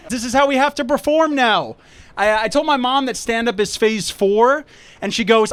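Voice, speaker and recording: A man's voice: high-pitched, sing-song, normal speed, a bit bright. A young man doing a stand-up set on an outdoor rooftop, wry and self-deprecating. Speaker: stand-up comedian.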